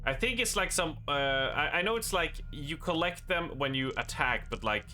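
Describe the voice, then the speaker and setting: A man streaming a horror game live, excitable and joking, reading notes aloud and laughing often. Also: on the high side, normal speed, soft background music. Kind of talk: live gameplay commentary.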